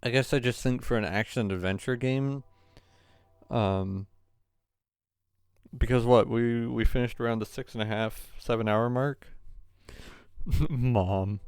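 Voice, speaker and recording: A man's voice: mid-range voice, fairly even intonation, a little slow, pauses often, smooth, dry recording. A man hosting a gaming channel, giving casual, rambling play-through commentary with lots of hesitant fillers.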